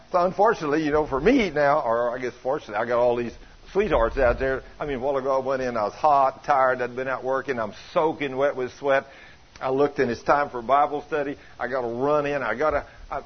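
A man preaching a sermon in a folksy, animated, conversational way, full of homespun stories. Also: medium pitch, fairly quick. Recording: dull lo-fi recording.

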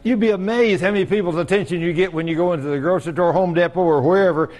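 A man preaches a sermon in church. His voice sits a little high for a man. He tells folksy stories and acts out the voices of the people in them. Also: rapid-fire, darkish tone. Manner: folksy storytelling, acting out quoted voices.

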